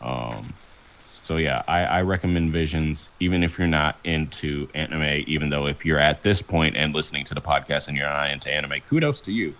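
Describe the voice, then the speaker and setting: A man co-hosting a podcast in casual chat, relaxed and wrapping up the show. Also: very deep voice, brisk, poor audio. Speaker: podcast co-host.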